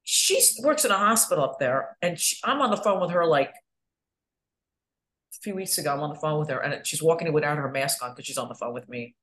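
She's a middle-aged New Yorker and real estate agent, chatting casually as a podcast guest, often laughing and telling stories with animation. Her low voice has lively intonation and a fairly bright tone, and her pace is brisk.

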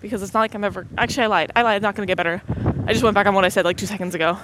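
A woman's voice: medium pitch, fairly even intonation, racing. A young woman with a cold talks into a headset mic as she walks, short of breath and sniffly. Her chat is loose and self-mocking, with jokes at her own expense. Passing cars and wind hiss faintly behind her. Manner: self-deprecating, joking, scattered. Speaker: podcast host. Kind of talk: rambling solo podcast chat. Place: outdoors on a windy street while walking. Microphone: headset mic on headphones.

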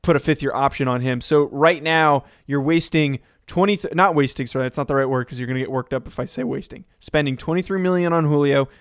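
A man with a slightly high, smooth and clear voice, laying out numbers in a measured sports-talk manner. He often restarts his phrases, and the sound is close and dry. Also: dry recording. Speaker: podcast co-host.

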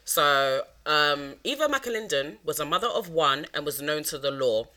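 A woman co-hosting a casual true-crime podcast, chatty and quick to laugh, with lots of "like" and "um". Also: deep voice, animated, pushed and bright. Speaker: podcast co-host.

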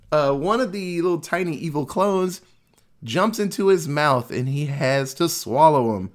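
A man's voice: on the high side, lively intonation, measured pace. A man casually recapping a movie plot in a loose, jokey way, swearing freely.

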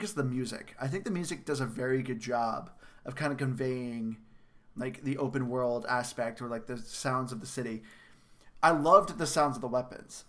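A man hosting a casual game-review chat, animated, laughing often and acting out quotes. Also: medium pitch. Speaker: podcast host.

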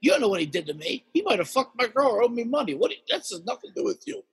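A man's voice: extremely high pitch, sing-song, fast talker, creaky, a bit bright, slightly rough, voice pushed up, heavily acted. A man voicing a huge, brutal male raccoon thug who throws out swaggering, contemptuous threats. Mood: angry.

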